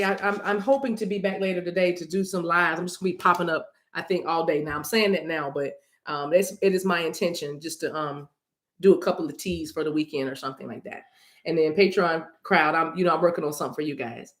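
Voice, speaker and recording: A woman's voice: on the low side, roomy sound. A woman reading cards on a livestream, talking casually and playfully to her viewers and breaking into song now and then. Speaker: livestream card reader.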